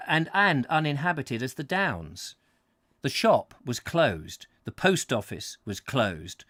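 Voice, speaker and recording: A man's voice: mid-range voice, fairly bright tone, no echo, studio quality. A man hosting a live book reading, reading expressively and breaking off for casual asides. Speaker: host, book reader.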